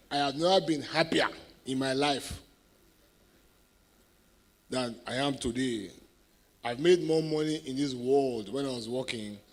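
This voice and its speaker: A middle-aged man with a Nigerian English accent, giving a motivational talk as guest speaker at a sales event, telling stories and keeping the audience engaged by asking if they follow him. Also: mid-range voice. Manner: animated storyteller who keeps asking the audience if they follow.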